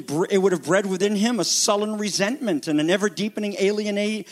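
A middle-aged male pastor with a high, bright-toned voice delivers a sermon. He preaches in an animated style, slipping into the voices of the people he quotes.

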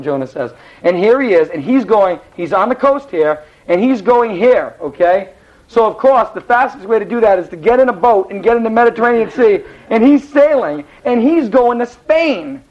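Brief: male Bible teacher, lively storyteller, higher-pitched, muffled lo-fi recording. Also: normal speed. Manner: lively, rambling, many restarts. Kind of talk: animated Bible storytelling lesson.

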